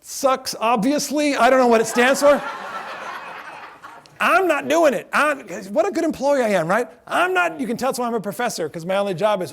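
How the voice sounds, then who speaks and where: High-pitched guy lecturing, telling stories and doing all the voices. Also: fairly quick, gravelly. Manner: animated storyteller acting out quotes. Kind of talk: anecdotal lecture to an audience.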